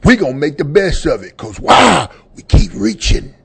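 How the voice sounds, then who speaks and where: A man's voice: a little high, big pitch swings, moderate pace, vocal fry, a bit bright, slightly rough, dry recording. A man hosting a radio talk show, speaking in a fervent preaching style and repeating phrases for emphasis.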